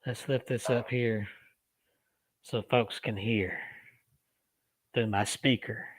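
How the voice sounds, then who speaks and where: Soft-spoken man calling to spirits. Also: mid-range voice, fairly even intonation, slow, slightly rough. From Alabama. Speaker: paranormal vlogger. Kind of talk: casual paranormal investigation.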